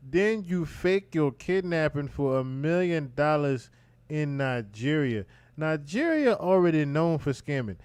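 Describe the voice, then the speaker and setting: A man's voice: fairly high pitch, lively intonation, measured pace, a little mellow, smooth, no echo. Exasperated man giving blunt reaction commentary. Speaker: commentary host.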